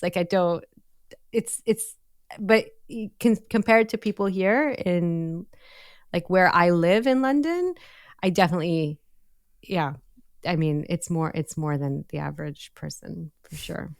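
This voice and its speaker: A woman from Saudi Arabia co-hosts a podcast in relaxed chat. She giggles, hedges and fills her talk with fillers. Her lowish voice is smooth and clear, recorded close and dry. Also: unhurried, no echo. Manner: giggly, hedging, full of fillers. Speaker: podcast co-host. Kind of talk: casual chat.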